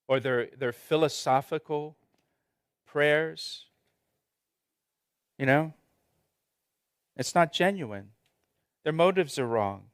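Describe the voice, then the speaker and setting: A man's voice: on the high side, slow, long pauses, clear, resonant tone, no echo, clean studio sound. A man preaching an expository sermon as pastor, earnest and conversational, often restarting and repeating words.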